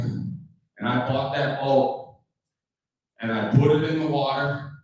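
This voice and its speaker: A man addresses a community meeting in a casual, joking way, wandering into anecdotes. His voice sits at an ordinary middle pitch. It rings through a very echoey hall and sounds well away from the microphone. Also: takes it slowly, a little mellow. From Wisconsin. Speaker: public speaker at a community meeting. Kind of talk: casual public talk with jokes. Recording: very echoey hall, voice far from mic.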